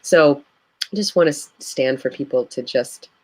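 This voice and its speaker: A woman's voice: low voice, normal speed, a little mellow, breathy edge. A woman who works as a grief guide, speaking earnestly and reflectively in a live video interview, with frequent "you know" fillers.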